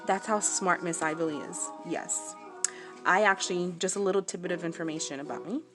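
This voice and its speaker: A woman's voice: fairly low pitch, brisk. Rambly jersey woman in her 40s chatting while she sews, pokes fun at herself, music playing behind. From New Jersey, USA. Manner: chatty, rambling, self-mocking. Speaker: crafting vlogger. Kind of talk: casual chat while sewing. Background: background music.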